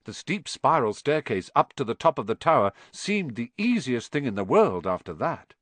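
Male audiobook narrator with a lively, varied delivery who acts out the characters; dry close recording. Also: medium pitch, normal speed, no echo. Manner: expressive storytelling, acting out the characters. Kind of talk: scripted narration.

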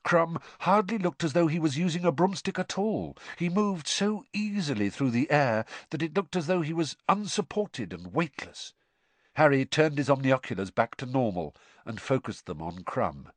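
A man reading a novel aloud in an expressive, dramatic storytelling style. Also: a little high, normal speed, no room sound. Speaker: audiobook narrator. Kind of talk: expressive scripted narration.

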